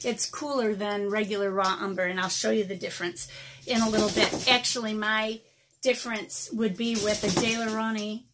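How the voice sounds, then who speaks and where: A woman's voice: mid-range voice, steady tone, normal speed, background noise. A middle-aged woman chatting casually through an art supply unboxing, rambling with lots of ums and a little out of breath. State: slightly out of breath. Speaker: watercolor artist vlogger.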